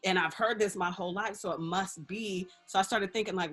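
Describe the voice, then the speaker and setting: A woman's voice: mid-range voice, brisk, few pauses, slightly rough, faint music behind. A woman guest in a casual interview, telling a personal story candidly and acting out the lines of people in it, often laughing. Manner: expressive, laughs often, acts out quoted dialogue. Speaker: interview guest, radio personality and life coach.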